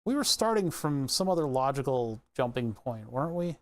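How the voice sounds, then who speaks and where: A streamer thinking aloud in a relaxed livestream, muttering to themselves, trailing off mid-sentence and often correcting themselves. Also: mid-range voice, moderate pace. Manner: muttering to self, frequent self-corrections.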